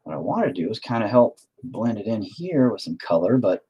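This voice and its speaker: A man with a low, husky voice talks to himself while painting, swearing nearly every line. His pitch swings widely, dropping into whispers and mutters and then jumping up in loud, frustrated flare-ups. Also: very animated, fairly quick, dull audio. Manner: swears constantly, mutters to himself, self-critical. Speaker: painting streamer. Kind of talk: casual talk while painting.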